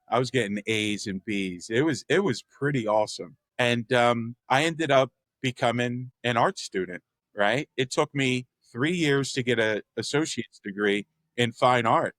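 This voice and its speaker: A male guest, an artist and real estate developer, tells stories in conversation with a medium-pitched voice, captured dry and close with no room sound. He's animated and candid, acting out quoted voices and using mild profanity.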